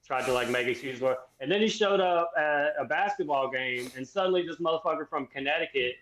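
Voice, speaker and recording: A man's voice: fairly high pitch, fairly quick, fairly bright tone. A man from Louisiana, a podcast guest, talking in a rambling, casual way with lots of fillers and some mocking. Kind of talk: casual chat. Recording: roomy, muffled remote audio.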